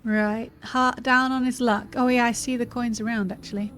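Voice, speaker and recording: A woman's voice: fairly high pitch, steady tone, normal speed, a bit bright. A woman casually commenting while she plays a fantasy game and reads dialogue options aloud. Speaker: streamer playing a game. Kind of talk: casual let's-play commentary. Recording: faint background noise.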